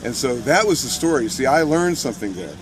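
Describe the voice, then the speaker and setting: A man recounting a protest in animated first-person storytelling, restarting and repeating words and laughing as he goes. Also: medium pitch, a little fast, noisy background. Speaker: militia member recounting a protest.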